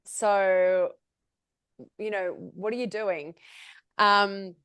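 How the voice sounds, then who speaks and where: Woman podcast host, enthusiastic and laughing, mid-pitched, dry close sound. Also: steady tone, extremely slow, fairly bright tone, clear, resonant tone, no room sound. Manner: enthusiastic, laughs often, spiritual talk. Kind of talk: casual podcast interview.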